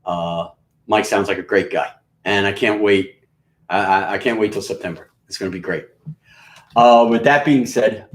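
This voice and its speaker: A man from New York with a mixed New York accent, a radio DJ chatting casually, rambling, profane and joking with lots of fillers. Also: lowish voice. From New York, USA. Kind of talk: casual live-stream chat. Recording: echoey room.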